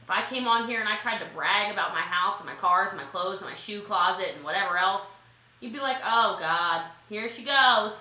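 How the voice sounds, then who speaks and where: Bright sharp-voiced woman, teary but laughing, says like and okay a lot, talking straight to camera. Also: mid-range voice, fast talker, roomy sound, poor audio. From Frederick County, Maryland. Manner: animated, laughing, swings from loud to soft; chatty, lots of "like" and "okay". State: teary, eye watering. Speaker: network marketing coach. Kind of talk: casual motivational talk to camera.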